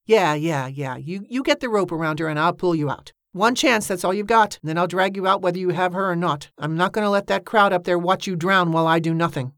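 Lady doing a stubborn grumpy boatman, talks down to the kid, low-ish and dry. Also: fairly quick, hardly any pauses, a bit bright, no room sound. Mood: grudging. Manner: stubborn, condescending. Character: stubborn grudging older boatman, cowardly.

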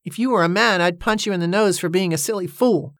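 A woman voicing a gruff, grim grown man, a carpenter, growling his lines in a storybook reading. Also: fairly low pitch, fast, no echo, studio quality, close to an everyday voice.

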